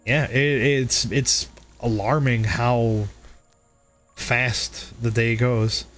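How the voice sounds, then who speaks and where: A man's voice: mid-range voice, steady tone, very slow, fairly bright tone, soft background music. Frank, swearing male streamer chatting. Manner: candid, self-critical, swears freely, chats with viewers. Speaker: livestream host. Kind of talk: casual stream chat.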